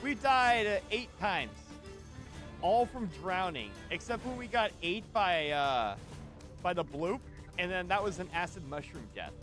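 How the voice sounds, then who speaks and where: A man streaming a game live with friends, animated and quick to laugh and swear. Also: sits high. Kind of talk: live gaming stream chat. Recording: game music in the background.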